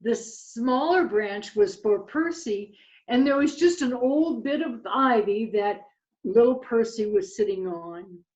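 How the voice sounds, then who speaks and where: A woman reading a picture book aloud to children, gentle and expressive. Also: a little high, slow pace. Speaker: children's storyteller. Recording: slightly muffled lo-fi recording.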